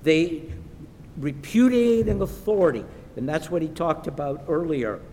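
A man preaching in an echoey church hall, unhurried and deliberate, with his voice set a little high for a man. He leans hard on key words and sometimes acts out the voices of people in his stories. A faint rumble runs underneath. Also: lively intonation, warm tone. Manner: slow and emphatic, acts out quoted voices. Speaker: pastor. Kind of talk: sermon.

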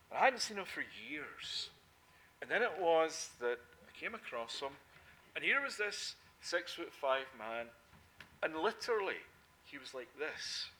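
Male preacher, bright ringing tone, emphatic sermon delivery, loud to hushed. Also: medium pitch. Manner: emphatic preaching, swinging from loud declarations to soft intimate asides.

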